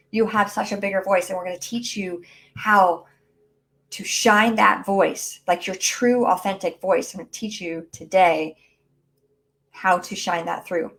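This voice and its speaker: A woman giving an emphatic live coaching talk with a middle-range voice, speaking straight to her viewers. She urges them on and repeats her points for weight. Her voice is picked up by a modest, low-quality mic. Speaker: mindset and business coach. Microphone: low-quality built-in mic.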